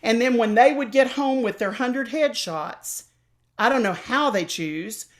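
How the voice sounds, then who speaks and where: Animated older Southern woman telling stories. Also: fairly high pitch, unhurried. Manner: animated storyteller, acts out quoted voices. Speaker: opera singer and voice teacher, guest. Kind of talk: casual interview over video call. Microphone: video call.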